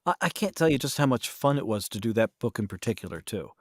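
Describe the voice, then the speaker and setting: A man talking casually as a podcast guest about narrating audiobooks, chatty and lively with quick bursts. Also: medium pitch, dry recording, studio quality. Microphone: podcast studio mic.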